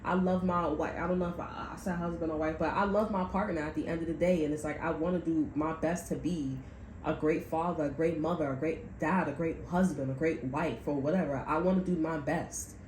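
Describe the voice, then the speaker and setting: A woman's voice: low-pitched, steady tone, a little fast, darkish tone, roomy sound, slight background noise, poor audio. A woman giving a casual tarot reading. She talks bluntly, swears freely and acts out what people say. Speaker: tarot reader.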